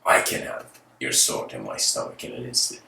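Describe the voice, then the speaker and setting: A man voicing a calm, fearless old male monk who speaks steadily, in a roomy recording from a distant mic. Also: very deep voice, moderate pace, vocal fry, voice pushed down, heavily acted. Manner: steady, unshaken.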